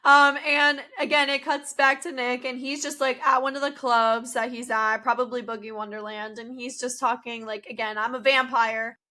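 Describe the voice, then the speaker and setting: A woman co-hosting a casual rewatch podcast, summarizing scenes in a relaxed way with lots of fillers. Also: on the high side, moderate pace, few pauses. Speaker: podcast co-host.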